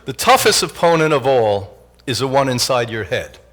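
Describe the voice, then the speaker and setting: An older man gives an animated motivational talk to a live audience and keeps slipping in jokes. His voice sits at an ordinary middle pitch, and he laughs easily at his own lines. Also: normal speed. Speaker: health institute director giving a talk.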